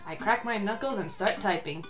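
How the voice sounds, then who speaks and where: A woman's voice: medium pitch, moderate pace, roomy sound, over music. A young woman streamer reading a dating-sim game aloud with a friend, playful and giggly. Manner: playful, giggly, reads dialogue in character.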